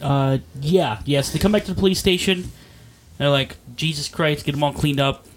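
A man's voice: fairly high pitch, moderate pace, slight background noise. A man co-hosting a podcast, casually retelling a movie plot with loose, profane asides. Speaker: podcast co-host. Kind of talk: casual chat recapping a movie.

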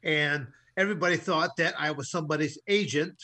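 Bright-voiced man telling a long story. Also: a little high, brisk. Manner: rambling, restarts often. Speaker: co-host. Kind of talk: casual storytelling.

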